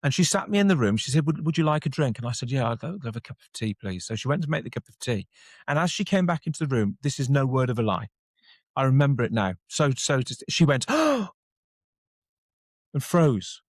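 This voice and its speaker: A man co-hosting a podcast, telling a personal story in a lively way and acting out the voices in it. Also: medium pitch, fast, no room sound, clean studio sound. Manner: animated storyteller, acts out quotes. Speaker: podcast co-host. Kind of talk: casual storytelling chat.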